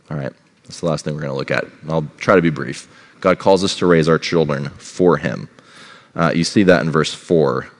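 Low-voiced man preaching conversationally. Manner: conversational, checks in with "all right?". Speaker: pastor. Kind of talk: sermon.

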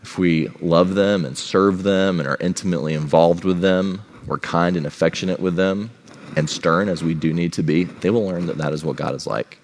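A man's voice: low-pitched, moderate pace. A middle-aged man giving a sermon as a pastor, conversational and checking in with the congregation. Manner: conversational, checks in with "all right?".

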